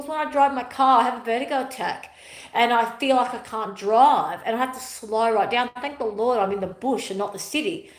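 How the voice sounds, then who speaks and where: A woman giving a spiritual motivational talk as a teacher at home, speaking emphatically and repeating her key phrases. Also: on the high side. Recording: roomy echo.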